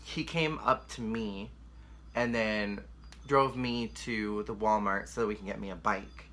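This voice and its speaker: A man's voice: fairly low pitch, fairly even intonation, unhurried, sharp tone. A young man candidly telling a painful personal story to the camera, emotional and rambling, with lots of "like.". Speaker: vlogger.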